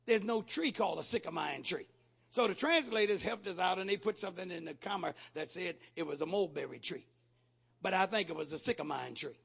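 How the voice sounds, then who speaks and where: A man preaching a sermon as pastor, calling out to the congregation and building from quiet teaching to shouted exhortation. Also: high-pitched, expressive, a little fast, vocal fry, slightly rough. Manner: call-and-response preaching, rising to shouts.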